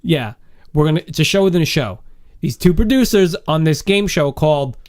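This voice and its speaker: Guy cohosting a goofy podcast, kinda high voice, rambles n laughs. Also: lively intonation, a little fast, a little mellow. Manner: rambling, pitches ideas, laughs often. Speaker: podcast co-host. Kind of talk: casual comedic chat.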